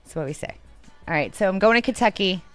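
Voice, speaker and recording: A woman's voice: mid-range voice, expressive, quick pace, no room sound, soft background music. A woman with a Texan accent co-hosting a casual chat show, giggly and prone to wheezing laughter. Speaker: co-host.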